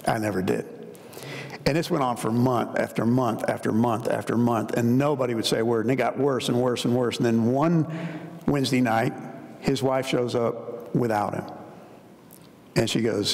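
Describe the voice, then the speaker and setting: A man's voice: mid-range voice, steady tone, moderate pace, creaky. A middle-aged man preaching a sermon as pastor, telling stories in a conversational, emphatic way. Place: large church hall. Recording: long church hall reverb.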